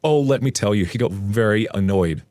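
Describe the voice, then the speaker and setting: A man narrating a story aloud and then chatting casually about it, with an animated, playful storytelling manner. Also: lowish voice, normal speed, no echo.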